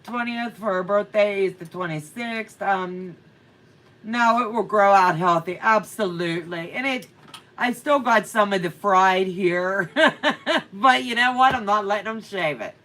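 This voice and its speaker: A woman's voice: medium pitch, a little slow, a bit bright, distant mic. A middle-aged woman chatting casually on a livestream, telling a funny story with frequent laughs and reading viewer comments aloud. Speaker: co-host of a quilting livestream.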